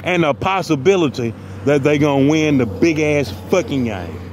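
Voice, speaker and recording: A man's voice: on the high side, animated, normal speed, darkish tone, a little hiss or hum. A man delivering a profane, mock-motivational comic rant that loops back on the same phrases. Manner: mock-motivational, repeats phrases, heavy cursing.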